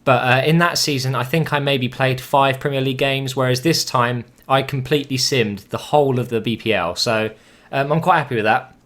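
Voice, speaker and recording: A young man commentating on his own football video game match, casual and chatty, with swearing and sudden excited outbursts. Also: mid-range voice, fairly quick. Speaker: gaming commentator.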